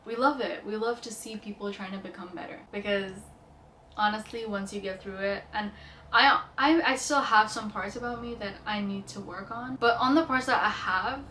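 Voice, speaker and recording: A woman's voice: mid-range voice, normal speed, bright, forceful tone, slight background noise. A young woman vlogger giving casual, earnest self-help advice, chatty and full of fillers. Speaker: lifestyle vlogger. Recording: roomy echo, mic at a distance.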